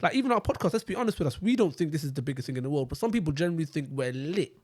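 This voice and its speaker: A man's voice: a little high, animated, husky. A young man, co-hosting a casual podcast and making his points emphatically. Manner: rapid, emphatic, slang-heavy. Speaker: podcast co-host. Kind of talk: casual chat.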